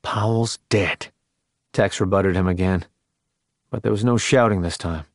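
A male audiobook narrator who reads in a measured, steady way. His voice sits on the low side. The recording is dry and close, with no room sound behind it. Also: dry recording. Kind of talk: scripted narration.

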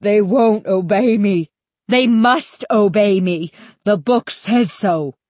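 A woman voicing a panicked grown man who shrieks desperate commands in a high, frightened voice. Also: slow pace, a little mellow, dry recording. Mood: frantic.

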